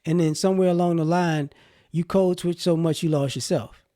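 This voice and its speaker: Southern man, casual vlog talk, rambling, slightly high voice, mellow tone. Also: steady tone, moderate pace. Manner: rambling, conversational, many fillers. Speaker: vlogger. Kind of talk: casual opinion monologue.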